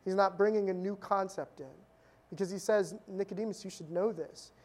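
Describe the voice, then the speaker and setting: Speaking at normal speed in a mid-range voice, a pastor preaches by telling stories conversationally. He tosses in humorous asides and shifts abruptly from loud emphasis into quiet intensity.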